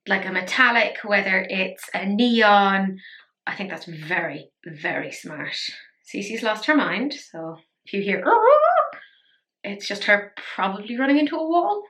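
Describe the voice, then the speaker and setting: A woman's voice: mid-range voice, bright, forceful tone. A tired woman chatting playfully through a casual makeup tutorial, poking fun at herself. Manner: chatty, playful, self-mocking. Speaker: beauty vlogger.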